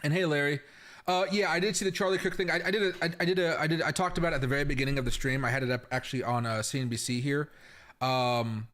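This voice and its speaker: A man's voice: a little high, fairly even intonation, quick pace, a bit bright. A man hosting a casual crypto livestream from home, chatty and rambling, talking straight to his viewers.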